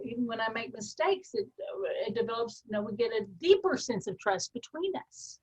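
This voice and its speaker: A woman's voice: a little high, fairly quick, slightly rough, rough recording. Texas-twang woman coaching on a call. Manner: deadpan humor, riffing free form, laughs often. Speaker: host, personal growth coach.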